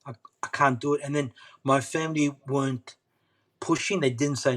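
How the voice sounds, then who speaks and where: A man's voice: medium pitch, steady tone, a little fast, husky. Earnest man telling his recovery story. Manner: earnest, persistent, repeats phrases. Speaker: interview guest. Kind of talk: personal story in conversation.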